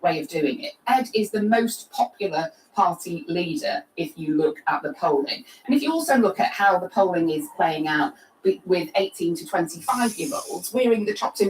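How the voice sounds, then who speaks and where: A woman's voice: on the low side, a little hiss or hum. Female politician, on-message interview answers, echoey and mic at a distance. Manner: fluent, upbeat talking points. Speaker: party politician. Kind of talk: broadcast news interview. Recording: roomy, from a distance.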